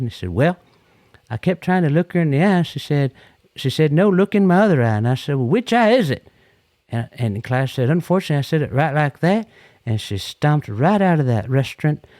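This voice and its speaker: A man's voice: mid-range voice, a little mellow, no room sound, studio quality. Rambling folksy man calling in. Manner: folksy, rambling, repeats and restarts himself. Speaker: caller. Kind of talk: rambling comedic anecdote.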